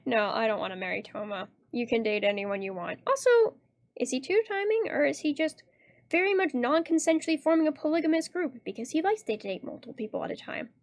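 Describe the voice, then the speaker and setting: A woman's voice: high-pitched, fairly quick, no room sound, studio quality. A woman streaming a horror game, chatting casually, reading out comments and rambling through her theories with frequent laughs. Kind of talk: casual let's-play chat.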